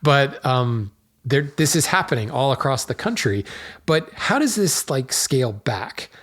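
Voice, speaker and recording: A man's voice: medium pitch, animated, unhurried, fairly bright tone, breathy edge. A man hosting a podcast, talking casually and loosely with many fillers and restarts as he works at a hardwood dealer. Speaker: podcast host. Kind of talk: casual solo talk.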